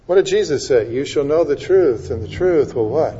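A man's voice: on the high side, lively intonation, warm tone, husky, highs cut off. A man preaching a sermon, asking rhetorical questions and rising to emphatic peaks as he quotes scripture references one after another. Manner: preaching, quoting scripture references in quick succession. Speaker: pastor.

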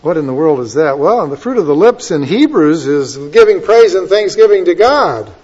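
Male preacher, higher voice, big swings from hushed to emphatic, muffled lo-fi tape. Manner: dynamic, swinging between soft asides and loud emphatic drawn-out lines. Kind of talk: sermon. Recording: dull lo-fi sermon recording.

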